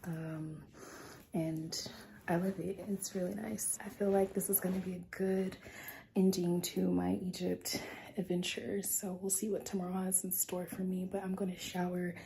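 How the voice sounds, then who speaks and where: A young American woman talking casually to her phone camera as a travel vlogger, chatty and upbeat, sometimes dropping to a soft whisper. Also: lowish voice, flat delivery, normal speed, creaky, a little hiss or hum. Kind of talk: casual vlog talk to camera.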